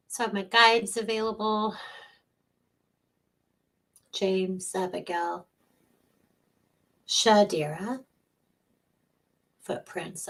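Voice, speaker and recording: Slow-talking woman chatting on a livestream. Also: medium pitch, creaky. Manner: chatty, greets viewers by name, laughs often. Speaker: psychic medium hosting a livestream. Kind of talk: casual livestream chat.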